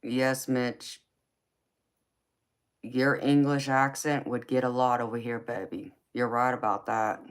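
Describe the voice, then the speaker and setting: Slow-drawling Southern woman on a live stream. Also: rumbling low, fairly even intonation. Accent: Southern American (Georgia). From Southern US, Georgia. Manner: laid-back, slow drawl, laughs often, calls viewers honey and baby. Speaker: tarot reader hosting a live stream. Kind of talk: casual live-chat reading out viewer comments.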